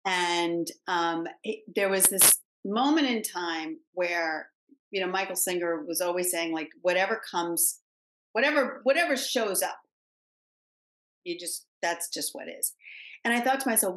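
An older woman, a grandmother, talking as a guest in a reflective, halting way with frequent restarts. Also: lowish voice, fairly bright tone, reverberant, low-quality recording. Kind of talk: casual spiritual conversation.

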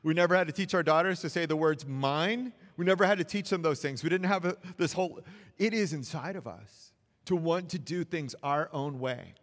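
A man's voice: fairly high pitch, normal speed, a bit bright, long reverb tail. A man preaching a sermon in an earnest, encouraging way, repeating phrases for emphasis. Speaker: pastor.

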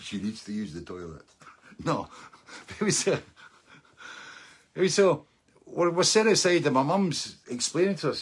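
A middle-aged man telling a story in a casual, animated way. He laughs often, restarts phrases and lets lines trail off. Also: fairly low pitch, slightly rough.

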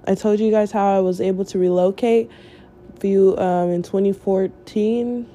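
A woman's voice: mid-range voice, fairly even intonation, normal speed, mellow. A woman vlogger giving an earnest, casual motivational talk, repeating phrases for emphasis and laughing often.

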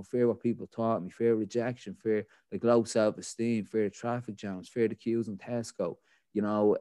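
A man with a Dublin Irish accent and a lowish voice tells his own story candidly as a podcast guest. He rambles, leaning on "like, you know" fillers. The sound is dry and close, with no room around it. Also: warm tone, no echo. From Ireland.

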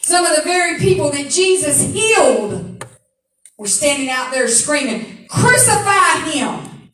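A woman pastor preaching a sermon in call-and-response, rising to shouts at times. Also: sits high, a little slow, a little hiss or hum. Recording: echoey room from far off.

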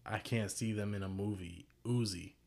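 A man's voice: on the low side, fairly even intonation, moderate pace, creaky, a little mellow. Laid-back male podcast co-host. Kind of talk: casual chat.

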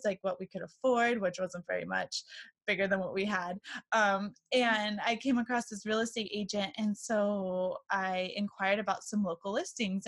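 Woman host in her 30s, chatty storyteller, casual podcast chat. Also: mid-range voice. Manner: warm, chatty storytelling with fillers.

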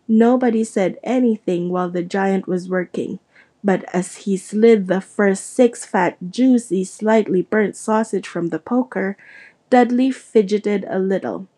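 A woman reading a storybook aloud as narrator, steady and measured. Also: mid-range voice. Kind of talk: audiobook reading.

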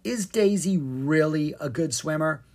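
Narrator voicing a gutsy little girl, urgent and eager, bit husky. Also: medium pitch, unhurried, a little mellow. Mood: determined. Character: brave, eager young girl who leads the group.

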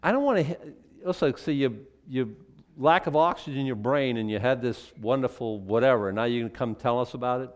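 An older man preaching a sermon in a conversational, animated way, with asides and acted quotes. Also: mid-range voice, fairly quick. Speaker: pastor.

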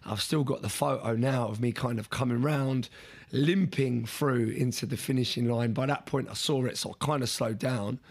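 A man in an interview chatting through a personal story with a slightly husky, breathy voice at an ordinary pitch. He talks casually and with animation, often doubling up words and restarting his sentences as he goes. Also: moderate pace. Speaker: interview guest.

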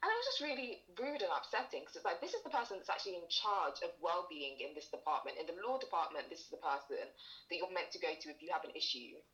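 A woman's voice: lowish voice, big pitch swings, fast talker, fairly bright tone, highs cut off. A young woman speaking candidly in a casual conversation, acting out the lines of people she talks about. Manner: candid storytelling with reenacted quotes. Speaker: guest.

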